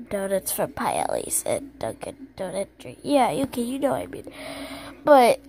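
A young woman from Wisconsin, a vlogger rambling casually and excitably while a bit sick, filming on her phone at home and out on the porch. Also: fairly high pitch, slight background noise. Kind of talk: casual vlog chat. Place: home, then outdoors on a porch in snow. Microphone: handheld phone.

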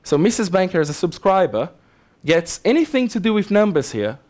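A man's voice: sits high, a little fast. Casual man giving a tech talk. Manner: casual, animated explaining with asides to the audience. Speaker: conference speaker. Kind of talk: technical conference talk. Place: conference hall.

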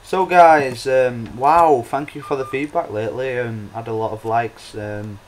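A man's voice: medium pitch, unhurried, a little hiss or hum, rough recording. A young man gives casual, rambling gameplay commentary as a let's play host. He talks full of ums and false starts. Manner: rambling, hesitant, many ums and restarts.

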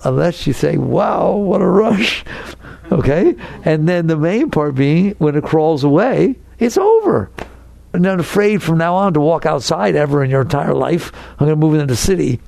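A man giving an inspirational talk as a spiritual teacher, animated and acting out anxious inner voices. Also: on the high side, a little fast, creaky, few pauses.

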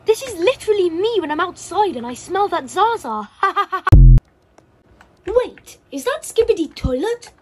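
A woman voicing a giggly, silly cartoon dinosaur in goofy meme skits, with a squeaky sped-up sound and loud music behind. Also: sing-song, heavily acted. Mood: mock-dramatic. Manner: goofy, playful, quick meme delivery. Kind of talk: meme parody skits and rap covers.

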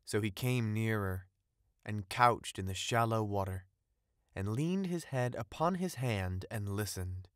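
A man narrating a classic fairy tale aloud in a measured, formal reading. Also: fairly low pitch, expressive, no echo, studio quality. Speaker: audiobook narrator. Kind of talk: scripted storybook narration.

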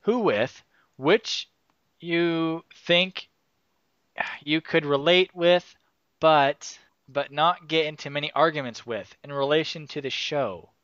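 A man hosting a casual group chat, reading listener questions aloud in a halting way with fillers. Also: fairly high pitch, fairly bright tone, clean tone, no room sound. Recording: dull, dry lo-fi mic.

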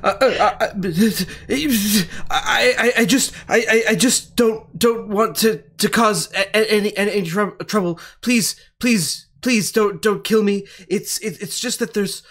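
A man voicing a cowardly male doctor who stammers and pleads in a higher, shaky voice. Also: expressive, a little slow. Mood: pleading. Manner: stammering, pleading, near tears.

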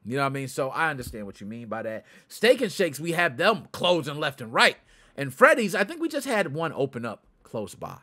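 A male podcast host talking casually to his viewers in a fairly high voice. His pitch swings widely and his manner is chatty and lively. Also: brisk. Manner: chatty, addresses viewers directly, answers chat. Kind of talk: casual livestream chat.

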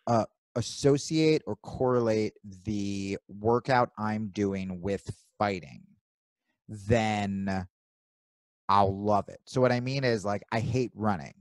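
A man from New Jersey co-hosting a podcast, telling animated stories with plenty of swearing and acting out his own inner voice. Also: fairly low pitch, slow, no echo. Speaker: podcast co-host. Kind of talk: casual chat.

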